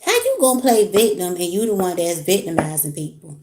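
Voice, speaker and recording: A woman's voice: lowish voice, big pitch swings, brisk, darkish tone. A woman giving a casual live tarot reading at home, talking straight to her viewers with slang. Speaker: tarot card reader. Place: home room with heat on.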